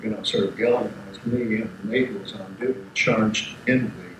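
A man's voice: lowish voice, moderate pace. An older man giving an informal lecture, telling wartime stories in a rambling way with restarts and asides. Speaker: guest lecturer. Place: lecture room. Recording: echoey hall, background noise.

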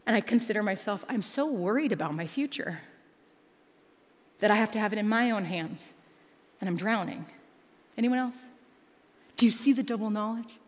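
A woman pastor preaching a sermon, swinging between loud emphatic lines and hushed asides. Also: medium pitch, animated, normal speed, pauses often. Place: large church auditorium. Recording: long reverb of a large church hall.

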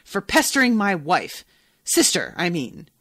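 A woman's voice: on the low side, wildly swooping pitch, unhurried, fairly bright tone, no echo, heavily acted. A woman reading aloud as a rude middle-aged man who barks scornfully. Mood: barking. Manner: barking and scornful.

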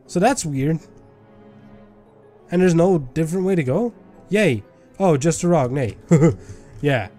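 Animated young man playing a game. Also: fairly high pitch. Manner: animated and chatty, reading game dialogue aloud. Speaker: gaming video host. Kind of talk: let's play commentary.

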